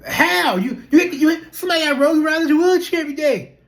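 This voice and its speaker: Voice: high voice, fast talker. Young vlogger just rambling to the camera, chatty, lots of "listen" and "you know". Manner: animated, chatty, full of rhetorical questions and repeated fillers. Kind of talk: casual talking-to-camera monologue.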